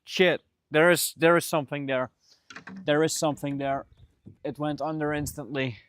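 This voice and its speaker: A man's voice: on the high side, flat delivery, moderate pace, a bit bright, clean tone, dry recording. A man live-streaming, muttering to himself as he fishes and chatting casually with his viewers. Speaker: livestreamer.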